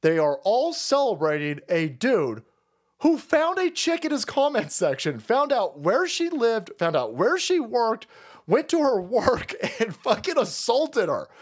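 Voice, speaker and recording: Brief: male streamer, crude, scornful, laughing rant, very animated intonation. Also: extremely high pitch, a little slow. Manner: profane, mocking, laughing ranting. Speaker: political commentary streamer. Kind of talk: livestream rant.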